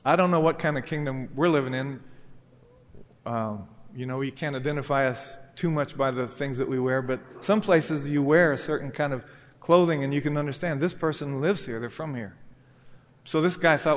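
A man's voice: medium pitch, unhurried. Preacher man in a reverberant hall. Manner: storytelling preacher, voices characters in a parable. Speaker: pastor. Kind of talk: sermon. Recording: long reverb of a church hall.

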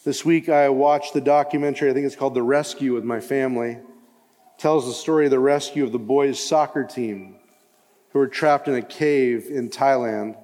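A man's voice: medium pitch, fairly even intonation, moderate pace. Impassioned male preacher in reverberant hall. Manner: impassioned, rising to loud emphatic cries. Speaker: pastor. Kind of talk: sermon.

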